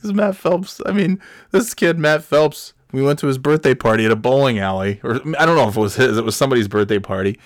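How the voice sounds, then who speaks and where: A man's voice: mid-range voice, lively intonation, quick pace, no echo, studio quality. A man hosting a podcast, telling a rambling, profane childhood story and chuckling as he goes. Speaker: podcast host. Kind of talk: casual storytelling.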